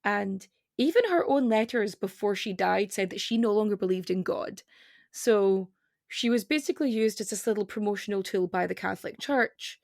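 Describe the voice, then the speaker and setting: A woman chatting as a podcast guest, explaining at length in loose, rambling runs full of restarts. Her mid-pitched voice has a strong vocal fry, and the recording is close and dry. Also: lively intonation, normal speed, a little mellow, dry recording. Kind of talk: casual podcast conversation.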